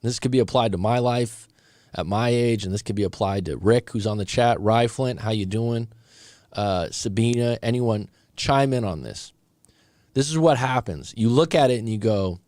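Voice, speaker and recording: A man's voice: lowish voice, normal speed, a little mellow, dry recording. A middle-aged man hosting a breakup coaching stream, giving blunt, conversational advice to a viewer and often restarting his sentences. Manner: blunt, conversational, repeats and restarts, calls listener bro. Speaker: breakup coach and show host. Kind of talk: live-stream advice talk reacting to a viewer story.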